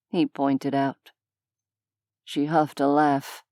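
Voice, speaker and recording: A woman reads an audiobook in a low, unhurried voice, measured and even. Her tone is smooth and crisp, recorded close in a dry studio booth with no room sound. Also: dry recording. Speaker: audiobook narrator. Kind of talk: scripted narration.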